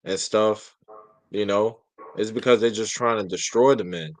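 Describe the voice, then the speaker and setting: A man's voice: lowish voice, normal speed, no echo, poor audio. A man in a casual religious discussion, talking bluntly and emphatically with some profanity.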